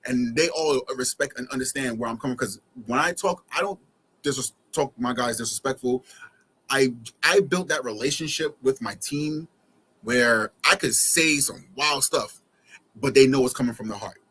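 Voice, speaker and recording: A man talking casually as a podcast guest, relaxed and repeating words for emphasis. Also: mid-range voice, normal speed, husky. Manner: laid-back, repeats phrases for emphasis. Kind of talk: casual chat.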